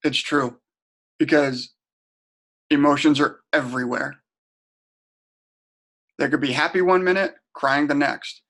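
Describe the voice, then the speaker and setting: A man's voice: on the high side, steady tone, unhurried, long pauses, fairly bright tone. A middle-aged man giving a casual webinar talk, chatty and storytelling, often repeating and restarting words. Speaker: webinar presenter. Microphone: home webinar setup.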